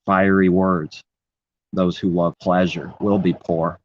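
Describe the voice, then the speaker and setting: Man, deep voice, husky, preachy rambling monologue, dull lo-fi recording. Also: little pitch movement, slow pace. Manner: preachy, rambling, repeats phrases. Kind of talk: impassioned religious monologue.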